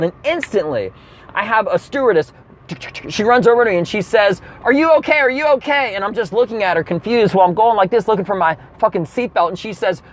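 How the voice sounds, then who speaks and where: A man with a high, lively voice tells a comedy rant while sitting in his car. He swings his pitch all over and acts out the people in his story. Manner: animated storytelling with acted-out quotes.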